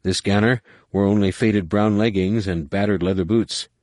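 A man reading an audiobook in a measured, dramatic narration. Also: lowish voice, fairly even intonation, darkish tone, no room sound, clean studio sound. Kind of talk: scripted narration.

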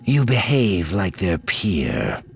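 A guarded female warrior with a flat, clipped delivery, read by a man. The voice stays low and unhurried, like an audiobook character. Light noise hangs behind it. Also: creaky, exaggerated voice. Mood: cool, flat.

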